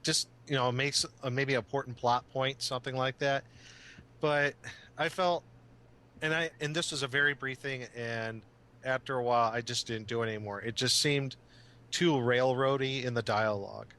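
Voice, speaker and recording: A man with a bright, forceful voice talks shop on a gaming podcast. He is a self-declared ham, playful and theatrical, and he laughs easily between points. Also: medium pitch, fairly even intonation, moderate pace. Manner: theatrical and hammy, laughs often. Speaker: podcast co-host and game master. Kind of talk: casual chat.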